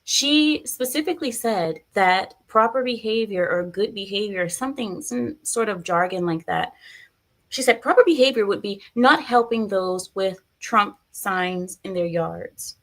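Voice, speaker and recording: A woman's voice: mid-range voice, a little slow. A woman doing casual live-stream commentary, chatty and opinionated, reading viewer comments aloud.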